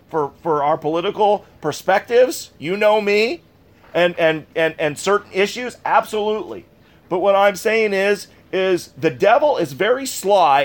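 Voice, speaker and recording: A man pastor delivering a sermon in an earnest, conversational way, repeating key phrases for emphasis. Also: high voice.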